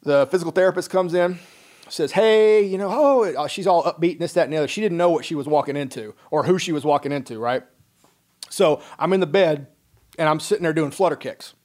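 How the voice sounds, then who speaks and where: A man's voice: on the high side, fast talker, a little mellow. Wry, plain-spoken middle-aged man. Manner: wry, jokey, plain-spoken, acts out dialogue. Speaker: military veteran guest. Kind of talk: casual podcast storytelling.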